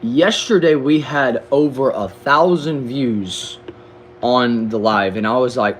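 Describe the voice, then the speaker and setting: A young Southern man from Texas chats loosely through his livestream comments, slangy and relaxed, tripping over words now and then. His voice sits at an ordinary middle pitch. A faint hum runs in the background. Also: slow, low-quality recording. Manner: laid-back, slangy, stumbles and repeats words. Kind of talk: casual livestream chat reading comments. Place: back shed.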